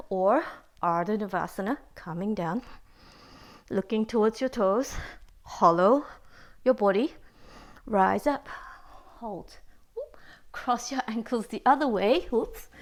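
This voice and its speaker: A woman yoga teacher guiding a class through poses and breaths, calm and steady, a little out of breath. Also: on the high side. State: slightly out of breath. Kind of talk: guided yoga class instruction.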